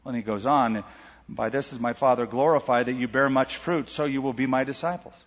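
A middle-aged man preaching a sermon as pastor, animated, asking rhetorical questions and reading scripture aloud. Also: mid-range voice, brisk. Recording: lo-fi church recording with long hall reverb.

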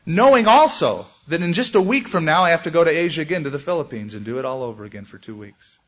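Male preacher, slightly high and husky, delivering an animated sermon. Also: quick pace, highs cut off. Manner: animated preaching with dramatic pitch swings. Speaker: pastor.

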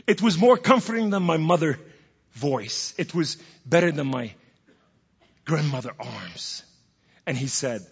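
Preaching his testimony as a guest speaker, a middle-aged Middle Eastern man has a gravelly, husky, expressive voice and an unhurried pace. He is theatrical, his pitch leaping and dropping widely as he moves between hushed tones and loud outbursts. The audio is dull and lo-fi, with a long echo from a large hall.

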